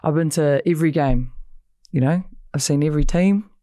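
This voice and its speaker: A woman's voice: deep voice, normal speed, background noise. A woman co-hosting a rugby podcast, chatting casually in a studio with lots of laughter and slangy asides.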